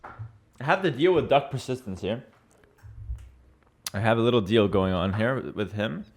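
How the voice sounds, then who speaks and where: Young male streamer, casual game commentary, bouncy expressive pitch, joking, rambling asides. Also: unhurried. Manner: chatty, joking, thinks aloud with fillers. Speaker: streamer casting a strategy game.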